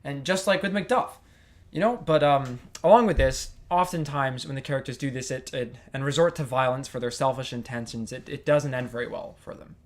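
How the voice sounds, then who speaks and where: A man's voice: mid-range voice, a little fast. A young man presenting a class project as a casual, joking retelling, speaking in an easygoing way and often repeating words.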